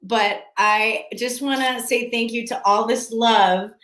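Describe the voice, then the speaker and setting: An actress answering fan questions at a casual virtual panel from home, talking in a chatty, scattered way with lots of restarts and laughs. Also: female voice, on the high side, steady tone, slow pace, fairly bright tone. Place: room at home. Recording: echoey room.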